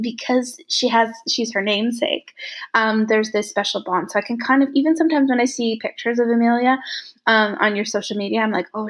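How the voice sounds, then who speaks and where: A woman hosting a casual podcast interview, affirming and gently encouraging her guest. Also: fairly high pitch. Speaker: podcast host.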